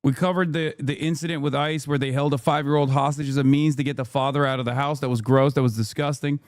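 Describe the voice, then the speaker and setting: A man's voice: medium pitch, steady tone, quick pace, no echo, studio quality. Blunt, cursing male streamer. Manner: blunt, profane, indignant. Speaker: streamer commenting on news clips. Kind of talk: casual political commentary.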